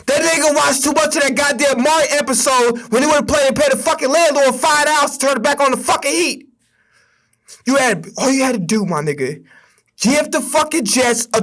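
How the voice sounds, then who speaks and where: A man's voice: extremely high pitch, a bit bright. A young man hosting a sports stream, ranting casually and heatedly with plenty of swearing. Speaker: streamer and sports podcast host. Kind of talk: casual sports rant on a livestream.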